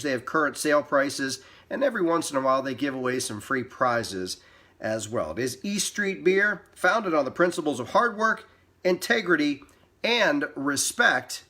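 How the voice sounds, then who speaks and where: A man presenting a casual weather forecast with a sponsor spot, talking in a relaxed, folksy way and wandering into small asides. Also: on the high side.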